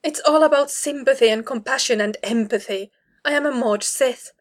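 A woman's voice: sits high, normal speed, voice pushed up, natural voice. A woman voicing a clipped, exasperated young warrior woman. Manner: clipped, exasperated, through clenched teeth. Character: proud, prickly young female warrior. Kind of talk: audiobook reading of fan fiction.

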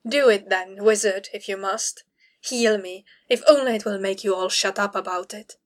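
A woman's voice: mid-range voice, normal speed, lightly acted. A woman voicing a proud, prickly young female warrior who talks in a clipped, exasperated way, as in an audiobook reading. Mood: furious. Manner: clipped, exasperated, through clenched teeth. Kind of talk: audiobook reading of fan fiction.

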